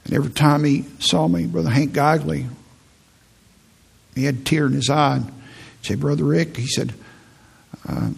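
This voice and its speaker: A man's voice: fairly high pitch, normal speed, long pauses. A middle-aged male pastor preaching a sermon, telling stories in an earnest, pastoral way. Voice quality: gravelly, husky. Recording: long reverb in a large hall.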